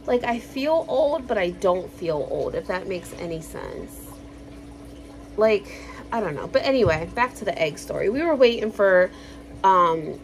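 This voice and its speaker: A woman's voice: fairly high pitch, slight background noise, poor audio. A woman in her thirties telling a long story in a casual vlog, rambling and swearing, with lots of fillers. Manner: rambling, profane, animated storytelling with many fillers. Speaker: vlogger.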